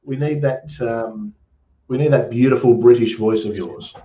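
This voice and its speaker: A man's voice: mid-range voice, moderate pace, mellow. Aussie guy hosting, chatty and rambly, echoey room, kinda muffled audio. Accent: Australian. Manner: rambling, restarts phrases, good-humored. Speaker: host. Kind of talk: casual chat, reading comments aloud. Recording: roomy, dull lo-fi sound.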